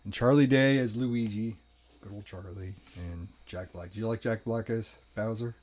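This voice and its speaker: A man's voice: fairly low pitch, moderate pace, a little mellow. A man hosting a podcast, chatting casually, rambling and correcting himself, laughing often. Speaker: podcast host. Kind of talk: casual chat.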